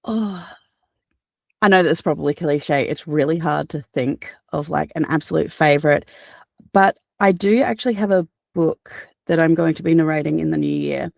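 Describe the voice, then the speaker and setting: An Australian woman, a voice actor and audiobook narrator, answering interview questions in a chatty, animated way with fillers and restarts. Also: deep voice, moderate pace, vocal fry, no echo, clean studio sound.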